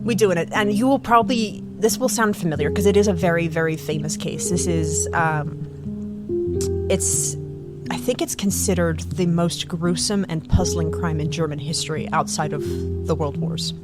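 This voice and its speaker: A woman's voice: lowish voice, fairly even intonation, normal speed, over loud music. A woman co-hosting a casual true-crime podcast, chatty and self-deprecating, laughing often. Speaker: podcast co-host.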